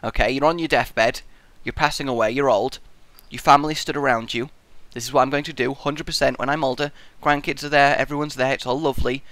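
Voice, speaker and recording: A man's voice: medium pitch, steady tone, fairly quick, hardly any pauses, fairly bright tone, no room sound. A man hosting a casual question-and-answer vlog in a rambling, jokey way, recorded on a close desk mic. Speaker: YouTube host.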